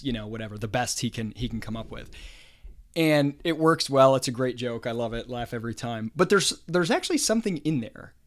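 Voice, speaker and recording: A man hosting his own podcast, talking casually and thinking aloud, with frequent chuckles. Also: mid-range voice. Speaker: podcast host. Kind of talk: solo podcast monologue.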